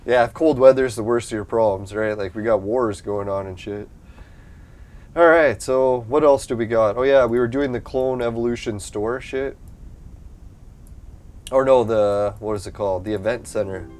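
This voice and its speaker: A man's voice: medium pitch, moderate pace, a little mellow. A young adult man from Canada, chatting casually and profanely on a live stream, rambling and laughing often.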